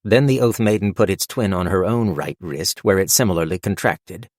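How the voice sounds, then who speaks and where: A man narrating a fantasy audiobook in a measured, wry storytelling manner on a close mic. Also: low-pitched, lively intonation, a little mellow, dry recording. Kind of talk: scripted narration.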